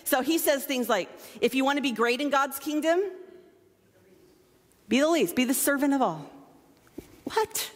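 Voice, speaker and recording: Woman pastor, high voice, lively playful sermon delivery, long hall reverb. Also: measured pace, long pauses. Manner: animated, playful, self-mocking asides. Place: church sanctuary.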